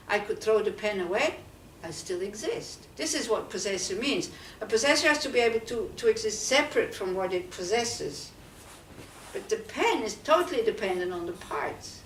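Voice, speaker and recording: A fairly high-voiced woman, a Buddhist nun, teaches a small group in a conversational, questioning way, sprinkling her points with "you know". She sounds set back from the mic in a roomy, echoing teaching room with faint ambient noise behind her. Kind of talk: dharma talk to a small group. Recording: echoey room, speaker far from mic.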